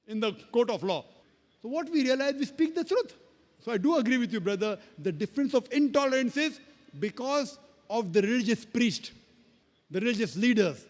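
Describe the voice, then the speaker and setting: Emphatic lecturer, male, fairly high voice, long hall reverb. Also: animated, normal speed. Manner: emphatic, repetitive, preacher-like. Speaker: speaker answering audience questions. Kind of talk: public lecture Q&A.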